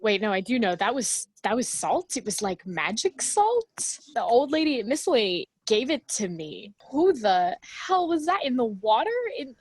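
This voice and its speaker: A woman's voice: fairly high pitch, big pitch swings, normal speed, hardly any pauses, darkish tone, breathy edge, dry recording. A woman player in a tabletop role-playing game, speaking casually and with some hesitation.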